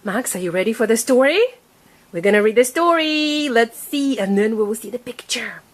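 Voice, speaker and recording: A young woman patiently teaching her small child to read, sounding out each word slowly and clearly. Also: fairly high pitch, lively intonation. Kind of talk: reading lesson with a preschooler.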